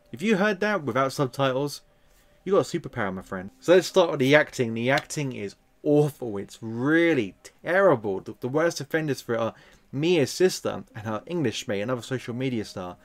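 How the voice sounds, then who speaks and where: A man's voice: medium pitch, fairly quick. Sarcastic, ranting male film reviewer. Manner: animated, sarcastic, exasperated.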